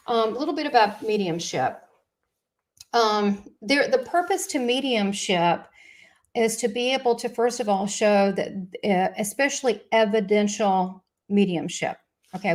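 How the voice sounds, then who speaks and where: A woman with a Southern US accent hosts a live stream from home. She talks chattily and gushes, wandering off into asides. Her voice sits at a middle pitch for a woman. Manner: chatty, gushing, rambling with many asides. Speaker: host of a live spiritual show. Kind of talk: casual live-stream chat.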